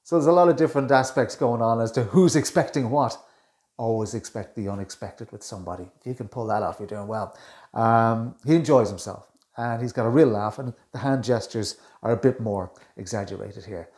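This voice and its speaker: A man, a communication coach, giving casual reaction commentary with quick asides. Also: mid-range voice, darkish tone. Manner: chatty, with quick asides and self-corrections. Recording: echoey room.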